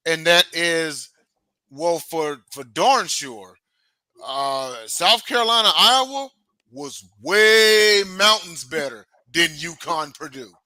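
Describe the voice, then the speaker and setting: A man's voice: on the high side, lively intonation, slow, sharp tone, no echo. A man co-hosting a sports talk show, agreeable and rambling, with lots of fillers.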